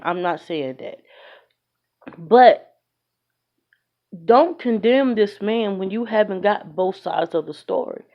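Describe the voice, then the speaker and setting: A woman giving a blunt, emphatic opinion rant into her phone, as in a casual vlog. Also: a little high. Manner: emphatic, blunt, fed-up, conversational. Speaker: vlogger. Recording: dull lo-fi phone audio.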